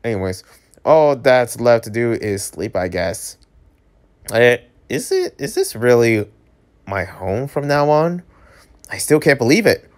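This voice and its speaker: Brief: man reading a romance comic aloud, casual, jokey, animated reactions. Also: measured pace. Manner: animated, jokey, yelps high on surprise. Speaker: channel host reading a webcomic aloud.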